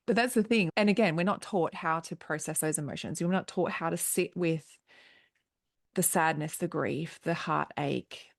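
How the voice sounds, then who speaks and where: A woman podcast host speaks in a low, empathetic tone, affirming her guest. Her voice is recorded close and dry, with no room sound. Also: moderate pace, gravelly, dry recording. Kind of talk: supportive conversational chat.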